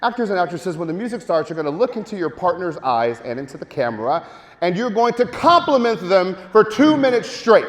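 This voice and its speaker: A man giving a lively marketing seminar to a live audience, joking and urging the crowd to take part. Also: high-pitched, fairly quick. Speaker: speaker at a marketing event. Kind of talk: energetic live seminar talk. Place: large hall with audience. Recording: long hall reverb.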